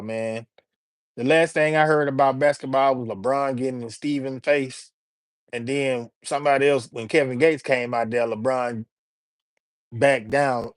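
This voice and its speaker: A man hosting a casual livestream, reading viewer comments and giving shout-outs in a laid-back, slangy way. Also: mid-range voice, dry recording, clean studio sound. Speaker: livestream host reading chat.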